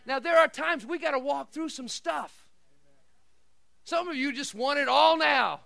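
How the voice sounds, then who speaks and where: A middle-aged man preaching a sermon, swinging from quiet asides and laughter to shouted declarations. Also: very high voice, a little slow, creaky, no echo. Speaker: pastor.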